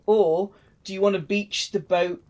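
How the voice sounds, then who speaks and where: A woman's voice: medium pitch, steady tone, unhurried, a little mellow, close to an everyday voice. A woman voicing a nervous male giant who pleads with his guest to leave, in a casual storytelling voice. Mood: baffled. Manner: exasperated pleading.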